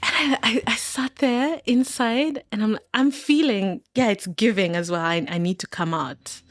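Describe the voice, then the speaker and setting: A woman's voice: fairly high pitch, unhurried, no room sound, clean studio sound. A woman from Kenya in her thirties, a podcast guest telling a personal story with emotion, laughing often. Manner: candid and emotional, laughs often, acts out quoted voices.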